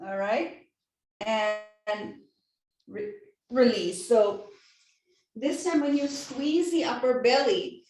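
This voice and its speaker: A yoga teacher, a woman with a fairly high voice, leads her class in slow, patient cues, often checking in with a soft "right?". Her voice carries through a roomy studio from some distance away from the mic. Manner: gentle step-by-step cueing with frequent "right?".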